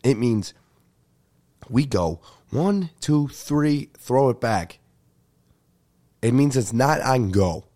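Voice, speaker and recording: A young man, telling a comic story as a podcast host in an animated, profane rant. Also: mid-range voice, slow, pauses often. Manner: animated ranting with frequent profanity. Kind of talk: ranting comedic storytelling.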